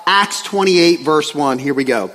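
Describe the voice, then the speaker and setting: A male pastor preaching a sermon in a joking, animated way, often asking the congregation questions. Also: a little high, unhurried. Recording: long hall reverb.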